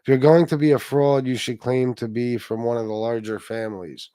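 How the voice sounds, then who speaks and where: A man hosts a casual livestream, chatting loosely and profanely with viewers, reading their donations, and restarting himself often. His mid-range voice is warm and fairly even in intonation, moving a little fast. The studio-quality recording has no room sound.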